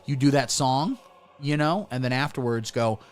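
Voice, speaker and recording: A man hosting a satirical comedy livestream who rants crudely and sarcastically, swinging between mumbling and loud. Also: medium pitch, moderate pace, smooth, soft background music. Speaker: comedy streamer.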